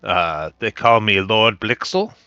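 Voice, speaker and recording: A low-pitched man with a bright, forceful tone, playing a noble at the game table with playful haughtiness. The sound is dry and muffled, like a lo-fi mic. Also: slow, clean tone, dry recording. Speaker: player. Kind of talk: playing his character at the table.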